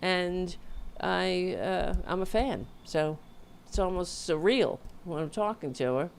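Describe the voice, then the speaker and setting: A woman's voice: on the low side, slow pace, creaky, slight background noise. A woman hosting her own livestream from home, chatting casually and rambling with self-interruptions, sounding tired. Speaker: host of a livestream show. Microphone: home mic with audio interface.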